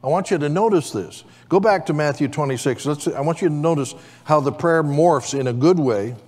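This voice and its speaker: A pastor preaches a sermon in a church sanctuary, calling for amens and getting call-and-response from the congregation. His voice is a little high and a little mellow, and he speaks fairly quickly. The recording carries the long reverb of a church hall.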